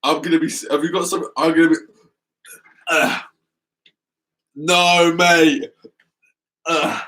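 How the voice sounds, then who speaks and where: Squeamish man, bright voice. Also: a little high, flat delivery, slow pace. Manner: squeamish, groaning, complaining. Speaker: youth stream co-host. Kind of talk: casual live stream chat.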